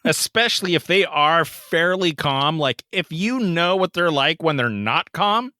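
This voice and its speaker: Animated, bright-voiced man telling a story. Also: measured pace, dry recording, studio quality. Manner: animated, swears a lot, jumps into loud high voices for quotes. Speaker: podcast co-host. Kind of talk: casual storytelling chat.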